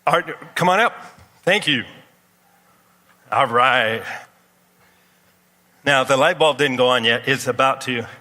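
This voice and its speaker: Energetic man presenting in an echoey hall. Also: mid-range voice, slow, long pauses. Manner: energetic, coaching volunteers. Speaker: expo presenter. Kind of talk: live demonstration talk. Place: large expo hall.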